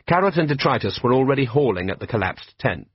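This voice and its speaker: A man's voice: medium pitch, sing-song, quick pace, breathy edge, no echo, highs cut off. A man reading a comic fantasy novel in a dry, wry narrative manner. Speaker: audiobook narrator. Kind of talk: scripted narration.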